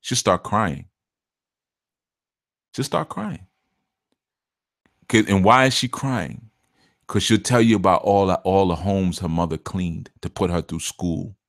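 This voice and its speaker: A man's voice: sits low, fairly even intonation, moderate pace, no room sound, studio quality. A man giving a casual spiritual talk to his listeners, chatty and laughing often, sometimes acting out voices for quotes. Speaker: spiritual teacher.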